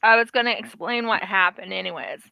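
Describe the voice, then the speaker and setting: A woman's voice: medium pitch, brisk, creaky, bright, forceful tone, clear, resonant tone, no echo. A woman in casual chat, agreeable and chatty, telling short personal stories. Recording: dull lo-fi dry recording.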